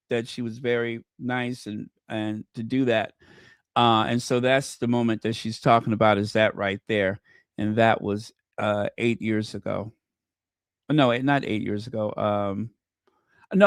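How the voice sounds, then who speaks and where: A royal news commentator gives casual video commentary, chatty and gushing, talking directly to his viewers with plenty of fillers and self-corrections. His medium-pitched voice has a clean tone, with clean studio sound and no echo.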